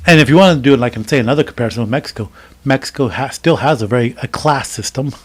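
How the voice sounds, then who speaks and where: A man's voice: mid-range voice, very fast, slightly rough. An American man co-hosting a podcast, talking casually and opinionatedly, with many fillers and restarts. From United States. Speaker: podcast co-host. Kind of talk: casual chat.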